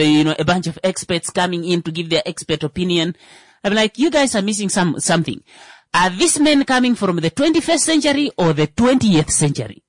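Animated comedian with a lively, swooping voice. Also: male voice, dry recording, studio quality. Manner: animated, jumps into high mocking voices for bits. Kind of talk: stand-up style comedic monologue.

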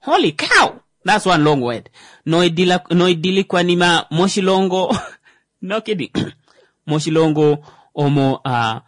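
A man with a Namibian accent hosts his own commentary show. He reads a news article aloud, stumbles over the words and drops joking asides. His voice is a touch higher than most men's and sounds close and dry. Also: a little slow, long pauses, no echo. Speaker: show host.

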